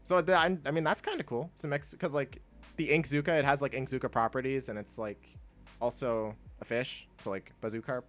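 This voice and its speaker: A man's voice: medium pitch, steady tone, brisk, fairly bright tone, faint music behind. A young man chatting casually while streaming a video game, rambling with lots of fillers and laughing often. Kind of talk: casual gameplay stream chat.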